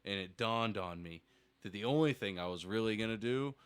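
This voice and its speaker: A man hosting a podcast, talking casually, swearing freely and laughing loudly. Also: lowish voice, a little fast, clean tone. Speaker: podcast host. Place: podcast studio.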